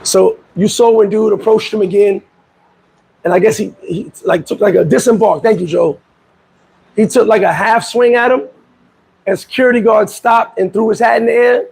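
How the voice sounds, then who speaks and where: Raspy high-voiced man telling a story. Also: normal speed, low-quality recording. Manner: animated storytelling, acts out quoted voices. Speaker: vlog host. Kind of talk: casual commentary. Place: Dominican Republic.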